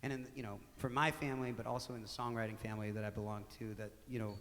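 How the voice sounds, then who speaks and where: A male singer-songwriter telling animated, conversational stories between songs at a live gig, acting out quotes as he goes. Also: on the low side, fast talker, long reverb tail, slight background noise. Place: small live music venue with audience.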